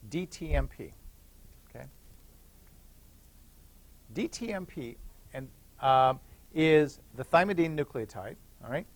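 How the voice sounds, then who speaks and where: A man's voice: on the high side, dry recording. A middle-aged man giving a classroom lecture, explaining step by step, repeating key points and checking in with "okay?". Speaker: university biochemistry lecturer. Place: lecture hall.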